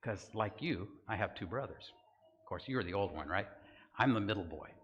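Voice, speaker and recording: A man's voice: on the low side, lively intonation, normal speed, a bit bright, big-room sound, dull audio. An older man from Southern California giving a Bible lesson in a conversational sermon style, often checking in with listeners by asking "right?". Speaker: church teacher. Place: church hall.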